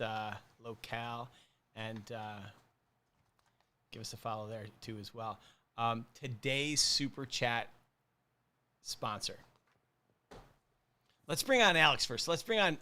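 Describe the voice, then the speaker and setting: A man's voice: mid-range voice, sharp tone. A man in his forties hosting a casual livestream chat, rambling and joking with lots of fillers. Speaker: podcast host.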